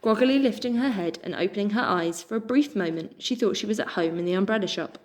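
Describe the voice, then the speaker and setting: A woman reads a children's book aloud in a measured, expressive voice. Her pitch sits mid-range, and she lets each line of the story land before moving on.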